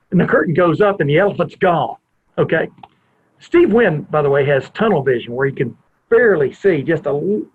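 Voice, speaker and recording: A man with a husky voice on the higher side hosts a podcast from his home family room, recounting a long, meandering anecdote that often veers off on tangents. His audio comes through a tinny, phone-like line.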